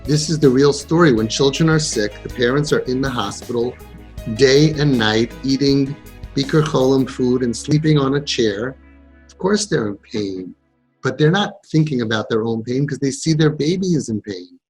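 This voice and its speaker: A man's voice: mid-range voice, normal speed, darkish tone, breathy edge, faint music behind. A man coaching parents in an impassioned counseling talk, stressing points by repeating them and mixing in Yiddish and Hebrew words. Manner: emphatic, repeats phrases for stress.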